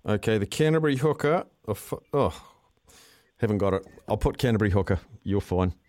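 A man's voice: on the low side, lively intonation, a little fast, a little mellow, dry recording. A man with a New Zealand accent hosting a casual radio call-in show, chatty and upbeat with callers. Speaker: radio host.

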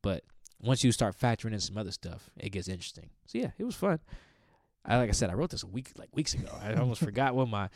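A man's voice: fairly low pitch, big pitch swings, quick pace, creaky, a little mellow, no echo, clean studio sound. A man hosting a podcast, talking sports in a loose, rambling, slangy way. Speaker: podcast host. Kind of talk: casual sports chat.

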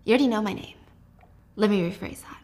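A young woman hosting a casual book recap, telling the story in an animated way with side comments. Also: medium pitch, fast talker. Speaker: host.

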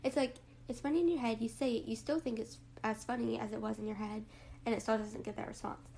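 A young woman hosting a casual reflective monologue, rambling with lots of fillers and a rough morning voice. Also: a little high, steady tone, quick pace, dark tone, low-quality recording. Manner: rambling, lots of likes and ums. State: morning voice, throat a bit rough.

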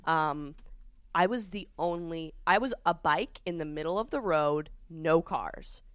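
A woman co-hosting a comedy podcast from home, telling animated stories with swearing and laughter. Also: deep voice, measured pace, clean tone, no room sound. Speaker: podcast co-host. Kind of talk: casual comedic chat. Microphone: remote podcast mic.

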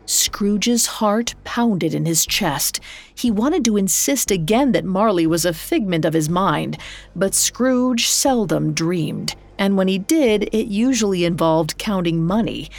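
A woman narrating a scripted story in a measured storytelling manner. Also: medium pitch, lively intonation, creaky. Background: faint music.

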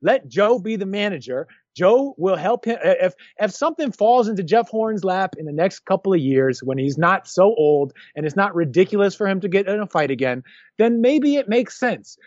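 A man co-hosting a podcast, talking in a lively, joking way with many restarts. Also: sits high, normal speed, no room sound, lo-fi sound. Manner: animated, jokey, restarts often. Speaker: podcast co-host. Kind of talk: casual chat.

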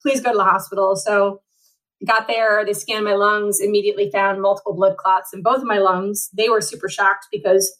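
A woman's voice: medium pitch, little pitch movement, normal speed, fairly bright tone, low-quality recording. A woman in her forties, a para-athlete guest telling her story at length in an interview, with a rambling manner and lots of restarts. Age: 40s. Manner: rambling, frequent fillers and restarts. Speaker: Paralympic triathlete guest.

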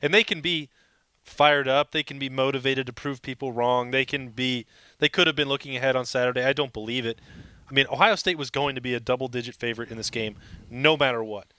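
A man's voice: mid-range voice, a little fast, pushed and bright, clear, resonant tone, no echo. A man co-hosting a casual sports podcast, talking eagerly through the analysis. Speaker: regular podcast co-host.

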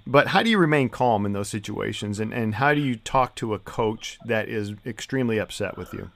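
A man's voice: fairly low pitch, expressive, fairly quick, creaky, fairly bright tone, no echo. A man hosting a referee podcast, asking a guest questions in a friendly, teasing way. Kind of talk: podcast interview.

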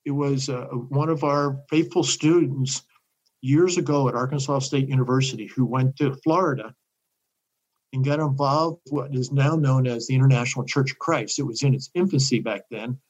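Older man, animated storyteller. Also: mid-range voice, moderate pace, rough recording. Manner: animated storyteller, acts out quoted voices. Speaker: guest. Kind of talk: casual interview talk.

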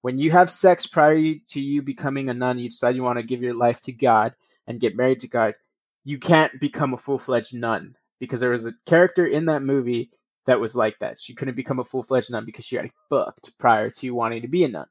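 A man's voice: mid-range voice, brisk, dry recording. A man hosting a podcast, mixing read passages with rambling, profane casual asides. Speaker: podcast host. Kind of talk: casual storytelling podcast, reading passages aloud.

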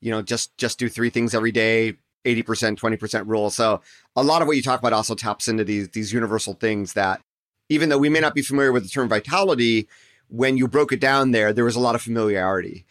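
A man's voice: medium pitch, fast talker, fairly bright tone. A man hosting a podcast interview, musing aloud and searching for his words as he frames a question. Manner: thoughtful, searching for words with restarts. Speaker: podcast host.

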